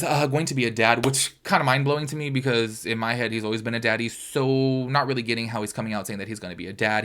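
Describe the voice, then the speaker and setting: A man's voice: medium pitch, a bit bright. A young man hosting a casual pop-culture podcast, chatty and opinionated, often calling his listeners "y'all". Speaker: podcast host.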